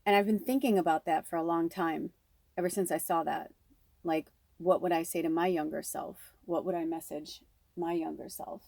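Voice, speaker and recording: A woman's voice: lowish voice, fairly even intonation, normal speed, vocal fry, a little mellow, no room sound. A woman speaking as a spiritual medium, giving a casual, rambling reading full of "like" and "you know".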